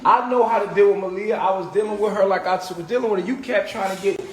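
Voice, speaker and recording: Brief: man with a high voice, animated and profane, recorded in a roomy space with a faint hiss. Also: fast. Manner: animated, profane, retells quotes. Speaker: podcast host. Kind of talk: heated casual group talk. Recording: roomy echo with faint noise.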